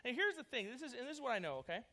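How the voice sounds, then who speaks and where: Speaking rapid-fire in an extremely high pitch, a man delivers a laid-back sermon to a young audience. The youth pastor spins his stories with lots of energy, plenty of chatter, and many filler words.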